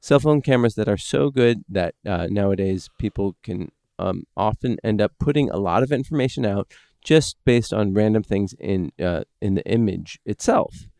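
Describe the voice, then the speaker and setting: Animated podcast co-host, rambling man. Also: fairly low pitch, normal speed, vocal fry, hardly any pauses, no echo, studio quality. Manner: animated, rambling with many restarts. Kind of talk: casual chat.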